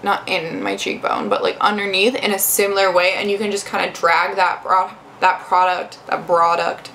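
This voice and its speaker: A woman's voice: mid-range voice, flat delivery, moderate pace, creaky, pushed and bright, a little hiss or hum, rough recording. A young adult woman giving a casual makeup review, chatty and rambling with lots of fillers and restarts. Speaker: beauty vlogger.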